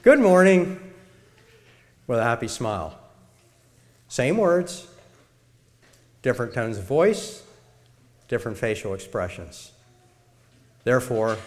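A middle-aged man giving a sermon-style talk to a church congregation in a measured way, illustrating his points. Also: mid-range voice, sing-song. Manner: measured, demonstrates tones of voice. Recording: long reverb of a large hall.

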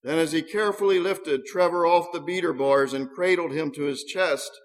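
Man narrator, earnest story reading, higher voice, long hall reverb. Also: normal speed. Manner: earnest, with small stumbles.

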